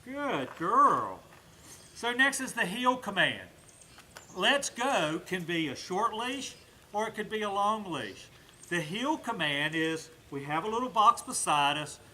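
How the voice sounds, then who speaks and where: Man, dog trainer, high bright voice, plainspoken demo, faint noise behind. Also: lively intonation, measured pace. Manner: talks to the dog in soft praise, explains to camera. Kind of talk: casual demonstration.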